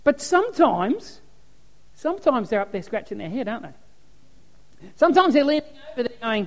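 A man preaching a sermon as pastor, animated storytelling. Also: extremely high pitch, moderate pace, pauses often. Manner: animated storytelling, acts out cheering crowds. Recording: echoey hall with long reverb.

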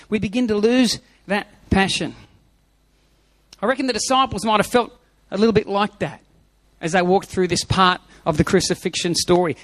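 Male pastor, high voice, emphatic repetitive sermon delivery, dry close mic. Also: fairly bright tone, no echo. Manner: emphatic preaching with repeated phrases and a told joke. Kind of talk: Easter sermon.

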